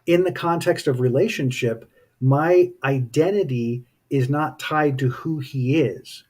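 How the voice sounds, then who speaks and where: A man's voice: medium pitch, unhurried, a little mellow. A man speaking as a spiritual teacher in casual, reflective talk, telling personal stories in a thoughtful way. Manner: thoughtful, anecdotal storytelling.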